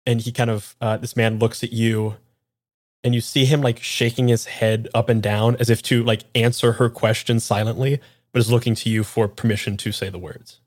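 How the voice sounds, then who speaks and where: A man's voice: medium pitch, flat delivery, normal speed, dry recording, studio quality. A man narrating a tabletop role-playing scene as game master, casual and vivid, with frequent fillers.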